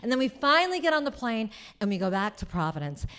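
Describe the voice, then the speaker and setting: A woman from Rhode Island telling a personal story on stage, chatty and full of quick asides. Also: a little high, big pitch swings, a bit bright, clean tone. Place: cultural center stage before an audience.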